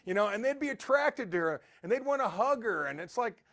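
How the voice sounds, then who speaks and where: Animated, high-voiced man giving motivational talk. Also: fairly quick. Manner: animated, rambling storyteller.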